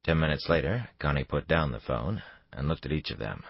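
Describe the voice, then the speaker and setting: Low, husky male audiobook narrator. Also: expressive, a little fast, no room sound, highs cut off. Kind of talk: scripted narration.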